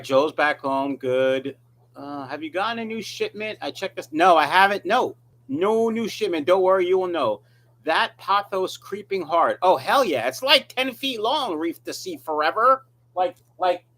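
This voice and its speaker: A man's voice: high-pitched, pushed and bright. A man hosting a casual live stream as a fish breeder, reading viewer comments aloud and answering them in a joking, rambling, self-mocking way.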